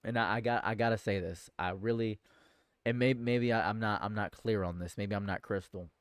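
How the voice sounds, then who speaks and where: Outraged streamer, clear close voice. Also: male voice, on the low side, steady tone, a little fast, no room sound. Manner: exasperated, swings from shouting outrage to muttering; repeats phrases, stammers and restarts. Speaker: political commentary streamer. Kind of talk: live-stream commentary, reading news aloud.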